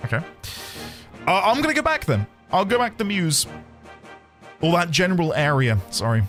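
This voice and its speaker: A man's voice: on the high side, fairly bright tone. A man streaming gameplay, casual and self-mocking, joking with his viewers.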